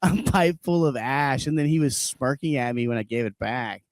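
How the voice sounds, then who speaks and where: A man co-hosting a casual podcast, swearing freely as he rants and laughing often. His voice sits at an everyday middle pitch. The sound is close and dry, with no room around it. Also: moderate pace, dry recording. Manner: profane ranting, laughs often. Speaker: podcast co-host.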